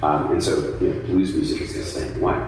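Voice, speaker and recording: Very deep-voiced man, echoey distant recording. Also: normal speed. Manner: thoughtful, many ums and you-knows, animated when joking. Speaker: interviewee, blues dance teacher. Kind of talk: casual conversational interview. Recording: echoey room, mic set at a distance, faint noise.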